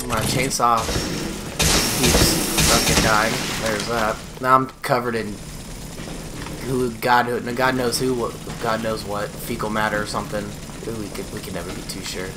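A man giving let's play commentary on a horror game, swearing and yelling taunts at the enemy. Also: on the low side, heavy background noise. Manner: profane, yells taunts at the enemy. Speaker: gaming video host.

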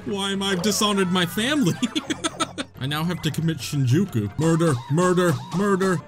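A young man giving comedic, excitable commentary while playing a video game, laughing often, with game music behind him. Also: sits high, moderate pace. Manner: joking, excitable, frequent laughter. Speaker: gaming YouTuber. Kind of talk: comedic let's-play commentary.

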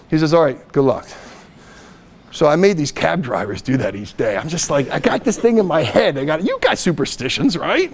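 A middle-aged man giving a poker lecture as a guest speaker, telling lively anecdotes and acting out the dialogue. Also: fairly high pitch, a little fast. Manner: animated anecdotes, acts out dialogue. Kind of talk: storytelling lecture.

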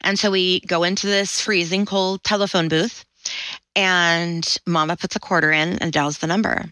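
Woman in her 40s, low voice, dry close mic, storyteller who acts out quotes. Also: steady tone, moderate pace, pushed and bright, no echo, low-quality recording. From Washington State, USA. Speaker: podcast guest. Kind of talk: personal storytelling.

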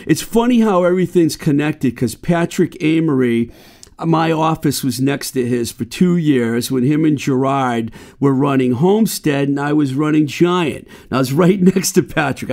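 Gravelly, higher-voiced podcast host man. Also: lively intonation, normal speed, a little mellow. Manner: enthusiastic, laughs along with the guest. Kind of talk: casual interview chat.

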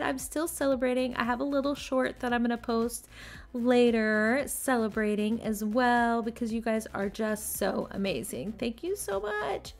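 A woman's voice: fairly high pitch, a little slow, gravelly. A woman from Texas hosting a casual live stream, chatting and greeting viewers by name one after another. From Texas, USA. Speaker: channel host.

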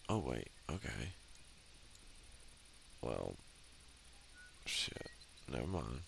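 A man's voice: extremely low pitch, very animated, extremely slow, gravelly. A man giving casual, exasperated commentary while playing a video game, often grumbling and ranting. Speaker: let's play host. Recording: loud background noise.

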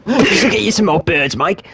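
A young man in crude casual banter with friends, mocking them and laughing often, recorded on a headset in online voice chat. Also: sits high. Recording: noisy voice chat with clicks.

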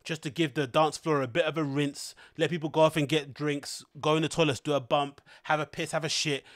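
A man's voice: a little high, flat delivery, a little fast, no room sound, clean studio sound. A man hosting a podcast, rambling through casual commentary in a cheeky, profane, slangy way. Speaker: podcast host.

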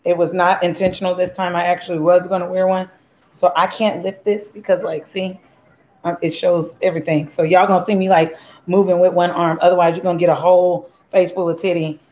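A woman's voice: on the low side, little pitch movement, fairly quick, darkish tone, a little hiss or hum. A woman hosting a casual cooking live stream from a home kitchen, chatty and joking as she greets viewers by name. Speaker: cooking show host. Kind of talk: casual live-stream chat while mixing a drink.

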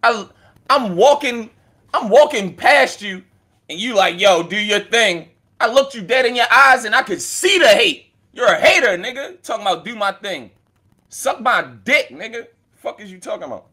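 A man talking casually as a battle rapper, taunting and swearing at a rival in an animated, mocking way. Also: high voice, moderate pace, breathy edge. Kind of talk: casual trash talk. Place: indoors with friends.

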